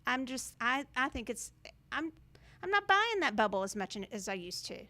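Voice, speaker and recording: A woman's voice: a little high, sing-song, moderate pace, pushed and bright. A woman hosting a spiritual talk to camera, emphatic and sarcastic, slipping into mocking quotes. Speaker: spiritual video host.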